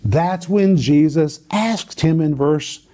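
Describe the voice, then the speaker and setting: Male Bible teacher, slightly high and warm, dramatic emphatic delivery for a teaching show. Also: takes it slowly. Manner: emphatic, dramatic storytelling with repeated phrases.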